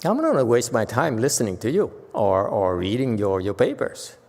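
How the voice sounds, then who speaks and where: A man's voice: mid-range voice, sing-song, normal speed, darkish tone. A man teaching as a Buddhist master in a Dharma lecture, teasing and blunt with his listeners and laughing often. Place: temple lecture hall. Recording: long hall reverb.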